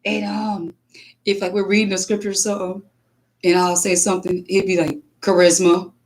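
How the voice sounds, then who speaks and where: A woman who reads scripture aloud and then tells emphatic, lively stories as a livestream preacher. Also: medium pitch, a little fast, poor audio. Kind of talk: scripture reading and casual testimony.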